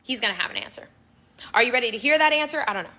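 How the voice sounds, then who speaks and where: A woman's voice: on the high side, animated, very fast, sharp tone. A woman giving frank, matter-of-fact relationship advice straight to the camera. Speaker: relationship commentator.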